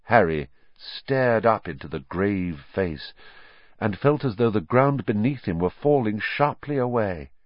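Guy narrating an audiobook, lowish voice that moves around a lot, kinda dull dry recording. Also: no room sound. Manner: measured, expressive storytelling. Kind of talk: scripted narration.

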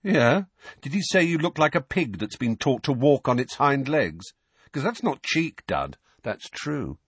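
A man voicing a defiant, sharp-tongued teenage boy who mocks his cousin. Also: mid-range voice, sing-song, a little slow, breathy edge, no echo, pitched above the performer's own voice. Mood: mocking. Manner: mocking, sarcastic.

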